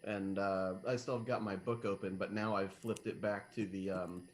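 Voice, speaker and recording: A man's voice: deep voice, steady tone, normal speed. A man playing a tabletop game, talking casually and joking. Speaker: player.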